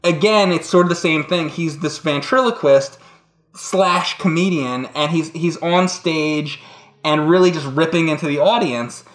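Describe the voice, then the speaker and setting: A man's voice: fairly high pitch, measured pace, fairly bright tone. A man co-hosting a casual chat, telling rambling stories with laughs and acted-out voices. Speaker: co-host. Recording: roomy echo.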